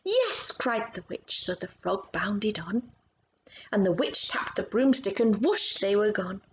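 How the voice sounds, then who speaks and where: A woman reading a picture book aloud to children, expressive and stopping to ask about the pictures. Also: mid-range voice, a little slow, a little hiss or hum, rough recording. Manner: expressive, asks listeners questions about the pictures. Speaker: storytime reader.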